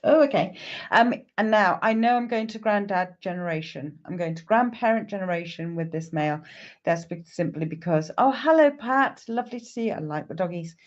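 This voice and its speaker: A woman's voice: lowish voice, fairly quick, lo-fi sound. A woman, a psychic medium, chatting on a live stream and greeting viewers by name.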